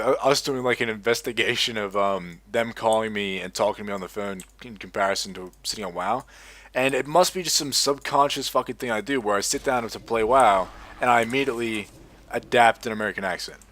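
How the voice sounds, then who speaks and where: A man's voice: medium pitch, a little fast, a bit bright, no room sound. A young man from Australia with a gaming headset, chatting casually and rambling while he plays a game. He swears often and leans heavily on filler words. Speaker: gaming video host.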